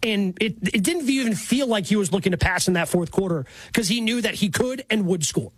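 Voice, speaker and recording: A man's voice: high-pitched, animated, a little fast, slightly rough, no echo. A man hosting a sports radio show, reading stats and bringing on callers. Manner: reads stats and phone numbers, introduces callers.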